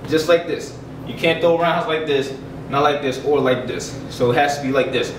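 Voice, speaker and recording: Out of breath from demonstrating, a karate instructor talks through basic kicks in a loose, chatty, casual lesson. He speaks fairly quickly with a fairly high pitch and fairly even intonation, recorded from a distance in an echoey room with background noise.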